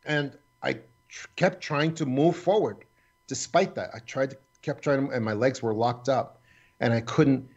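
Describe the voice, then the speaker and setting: A man's voice: mid-range voice, muffled recording. Middle-aged man telling a tense story. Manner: halting, with frequent restarts and fillers. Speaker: guest, retired federal agent. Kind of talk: telling a personal story on a radio show.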